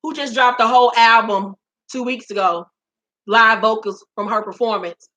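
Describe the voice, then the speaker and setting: A woman's voice: a little high, steady tone, moderate pace, pushed and bright. A woman hosting her own vlog, ranting about celebrity gossip in a profane, emphatic way and repeating lines for effect. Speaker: vlog host.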